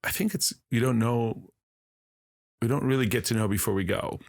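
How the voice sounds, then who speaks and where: A man telling a long, animated story as a podcast guest in casual conversation. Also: medium pitch, creaky. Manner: slow, drawn-out, animated storytelling.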